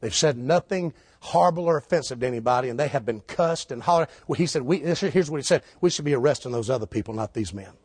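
A middle-aged man preaching a storytelling sermon, swinging between shouted preaching and low, hushed retelling. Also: fast, hardly any pauses, husky, dry recording. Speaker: street preacher.

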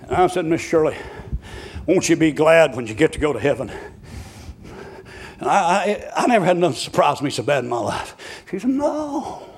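Gravelly preacher, shouting sermon. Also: male voice, on the high side, animated, a little fast, long pauses. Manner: shouting, chanted preaching with folksy storytelling. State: short of breath.

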